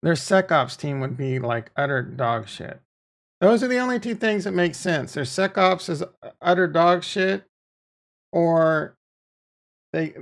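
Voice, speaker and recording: A man's voice: fairly high pitch, vocal fry. A man hosting a casual crypto livestream, rambling and swearing freely as he reacts to viewer comments. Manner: rambling, profane, off-the-cuff.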